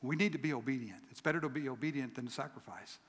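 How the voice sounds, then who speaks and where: A man preaching a sermon as a guest pastor, telling stories with lively acted voices and swinging from emphatic peaks to quiet lows. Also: fast talker, breathy edge. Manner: animated storytelling, acts out voices in his stories; rising to emphatic peaks then dropping low. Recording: long hall reverb.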